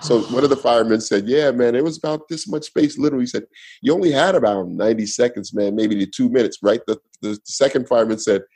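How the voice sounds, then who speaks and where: A man's voice: mid-range voice, quick pace, warm tone, breathy edge, low-quality recording. A male comedian guest telling a long story in a laid-back way, acting out the other people in it. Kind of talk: casual storytelling on a podcast.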